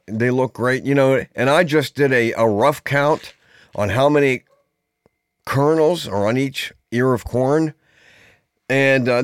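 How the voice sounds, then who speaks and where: A man's voice: mid-range voice, smooth, dry recording, clean studio sound. A man hosting a podcast in a loose, conversational monologue, wandering into asides and trailing off mid-thought. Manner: rambling, conversational, many fillers and asides. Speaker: podcast host. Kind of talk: casual monologue.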